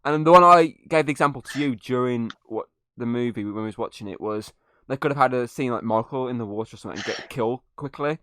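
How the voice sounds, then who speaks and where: A man's voice: medium pitch, fast talker, bright, forceful tone, clean tone, dry recording, clean studio sound. A young man hosting a podcast, retelling film scenes in casual chat, swearing and laughing often. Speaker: podcast host. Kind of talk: casual movie review chat.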